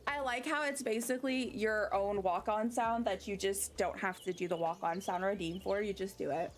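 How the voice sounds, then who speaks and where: A woman's voice: medium pitch, steady tone, normal speed, a little hiss or hum. A woman streaming a game, chatting casually and rambling off on tangents while she answers her chat. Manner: rambling, easily sidetracked chatter; reads chat aloud and answers it.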